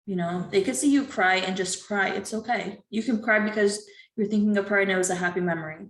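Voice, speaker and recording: A woman interviewer speaking gently and reassuringly over a video call. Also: mid-range voice, brisk, reverberant, low-quality recording. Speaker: interviewer, host. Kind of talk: supportive interview.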